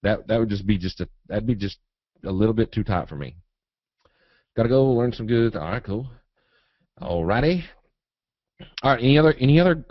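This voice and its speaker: A fairly low-pitched man with a Southern accent from Eastern Kentucky teaches a live trading webinar, reading out questions from viewers and answering them with folksy jokes. The webinar audio is dry and muffled with no echo.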